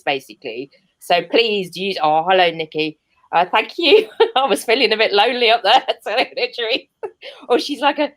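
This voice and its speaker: Rambling Birmingham woman doing stand-up. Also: on the high side. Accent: Birmingham English. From Birmingham, England. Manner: chatty and rambling, with many ums and self-mocking laughs. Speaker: stand-up comedian. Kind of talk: online stand-up set. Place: seated at home.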